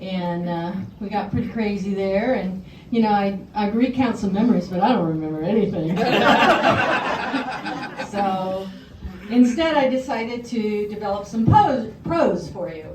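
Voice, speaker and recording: A woman's voice: medium pitch, animated, very noisy. A woman giving a roast tribute at a party, reading rhyming verse aloud from her phone. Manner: slow, unhurried delivery, reading from a phone. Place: party room. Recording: echoey room, far from the mic.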